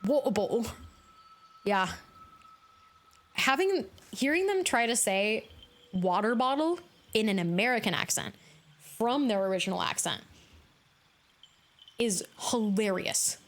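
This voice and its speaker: A woman streaming a video game live, chatting casually with her viewers, bubbly and quick to laugh. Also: a little high, lively intonation, fairly bright tone. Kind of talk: casual live-stream chat while gaming.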